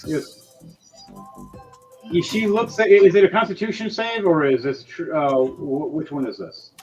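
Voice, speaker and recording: A man runs a tabletop game with a casual, crude delivery full of fillers and restarts. His voice sits a little high. Faint music plays under him. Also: a little slow, darkish tone, dull audio. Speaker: game master. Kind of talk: narrating a tabletop game over a stream.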